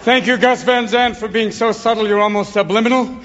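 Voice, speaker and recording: A man's voice: high voice, steady tone, lo-fi sound, slight background noise. A man, a comic actor, bantering on a talk show and jumping in and out of voices. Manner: rapid-fire, jumps into voices. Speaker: comedian and actor. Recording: loud audience and clicks.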